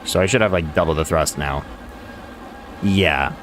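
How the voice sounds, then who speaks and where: A man's voice: rumbling low, unhurried, a bit bright, slight background noise. A man streaming a building game, chatting casually to his viewers and to himself as he plays, laughing often. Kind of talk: casual live-stream commentary. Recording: faint music behind.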